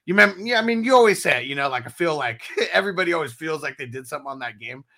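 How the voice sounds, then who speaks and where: A man's voice: fairly high pitch, animated, rapid-fire, bright, forceful tone. A man hosting a casual morning podcast chat, rambling, swearing and laughing often. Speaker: show host.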